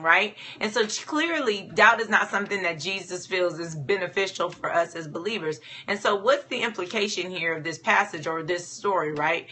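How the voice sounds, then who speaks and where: Bright-voiced woman giving a casual sermon. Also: mid-range voice. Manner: conversational, informal retelling with fillers. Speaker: preacher.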